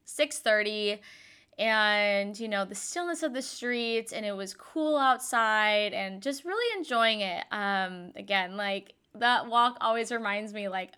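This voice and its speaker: A woman's voice: medium pitch, takes it slowly, bright, forceful tone, smooth. A young woman hosting a podcast, telling a personal story in a chatty way full of "like" fillers. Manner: chatty, frequent "like" fillers, yawns and laughs. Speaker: podcast host. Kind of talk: casual storytelling monologue.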